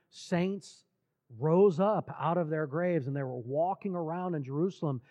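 A man preaching a sermon, retelling scripture stories earnestly with repeated words and dramatic pauses. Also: fairly high pitch. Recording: dull lo-fi recording.

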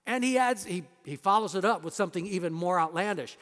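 High-voiced man preaching in a reverberant hall. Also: animated, quick pace, few pauses, soft background music. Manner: emphatic preaching that drops to soft, hushed lines. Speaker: pastor. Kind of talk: sermon.

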